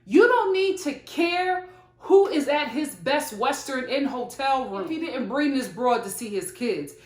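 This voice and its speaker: A woman with a fairly high voice delivers opinionated reality TV commentary, colloquial and emphatic. She talks straight to the people on the show. Her voice carries a noticeable roomy echo. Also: expressive, a little slow. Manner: blunt, talks straight to the show's cast. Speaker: reality TV reviewer. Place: home filming setup with studio lights.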